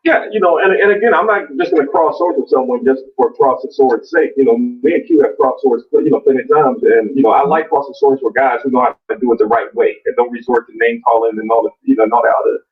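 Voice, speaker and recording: A man's voice: medium pitch, fast talker, hardly any pauses. A man arguing his turn in an online debate, blunt and heavily profane, with many restarts and fillers. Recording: distant, muffled call audio.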